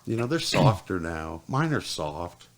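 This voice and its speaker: Middle-aged male host, gravelly, animated storyteller in casual chat. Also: deep voice, unhurried. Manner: animated storyteller, acts out quoted voices. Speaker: podcast host.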